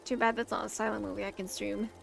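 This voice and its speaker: A young woman casually chatting while reacting to a silent film, rambling excitedly and filling her talk with "like". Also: mid-range voice, fast talker, vocal fry, faint music behind. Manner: rambling and excitable, heavy use of "like".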